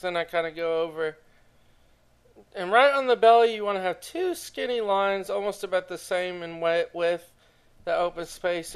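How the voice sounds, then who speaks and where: A man's voice: sits high, smooth. A young man casually narrating a drawing tutorial, chatty and enthusiastic, talking straight to his viewers.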